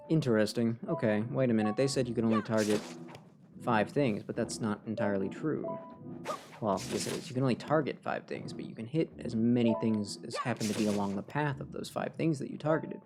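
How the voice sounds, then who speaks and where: A man streaming a game live, commenting excitedly and in mock outrage as he talks to his chat. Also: mid-range voice. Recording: game music behind voice. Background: game music.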